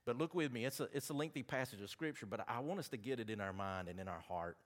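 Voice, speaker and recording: A man with a Southern accent preaching a sermon, reading scripture and making folksy, animated asides to the congregation. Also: mid-range voice, fast talker.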